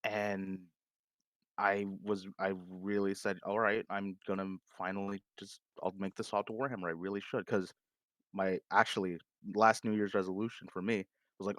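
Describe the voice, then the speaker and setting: A young man in his twenties chats as a guest on a stream. His voice sits on the low side. He rambles and laughs, and the mic sound is dry and close. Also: steady tone, normal speed, a bit bright, no room sound. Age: 20s. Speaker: guest artist. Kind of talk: casual chat. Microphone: home microphone.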